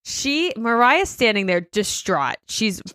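A woman's voice: fairly high pitch, big pitch swings, slow pace, sharp tone, dry recording, studio quality. A woman co-hosting a podcast, recapping a reality show in a gossipy, sarcastic way and laughing often. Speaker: podcast co-host. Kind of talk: casual reality TV recap chat.

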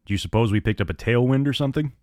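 A man voicing an anxious but steady male co-pilot in an audiobook, questioning and worried. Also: mid-range voice, very fast, no echo, studio quality, close to an everyday voice.

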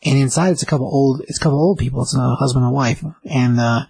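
A man's voice: medium pitch, quick pace, vocal fry, darkish tone, husky, rough recording. A man casually retelling a comic book story as a recap host, loose and chatty. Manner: loose and chatty, with many fillers and restarts.

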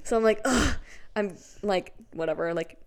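A young woman co-hosting a podcast, telling a story in lively casual chat with lots of fillers. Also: a little high, moderate pace, a crowd in the background. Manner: animated storyteller, filler-heavy. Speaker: podcast co-host.

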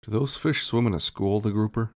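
Deep-voiced man telling stories. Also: a little fast. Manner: animated storytelling, casual swearing. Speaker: podcast co-host. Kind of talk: casual comedic chat.

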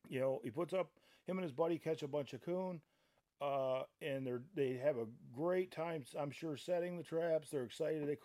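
A middle-aged podcast host with a warm, relaxed tone and a middle pitch. He talks casually but gets heated, blunt and profane. He stumbles and repeats himself as he rants. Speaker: podcast host and trapping site owner.

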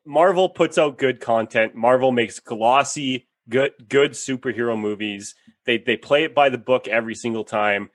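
A man's voice: medium pitch, normal speed, no echo. A man co-hosting a casual podcast, ranting bluntly and profanely, and mocking characters in exaggerated voices. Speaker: podcast co-host. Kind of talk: casual chat, ranting review.

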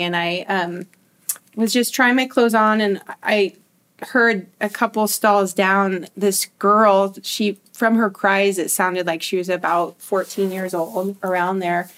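A woman in casual conversation, speaking reflectively and haltingly as she shares a personal story. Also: mid-range voice, fairly bright tone. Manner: reflective, halting, many restarts. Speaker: guest sharing a personal story.

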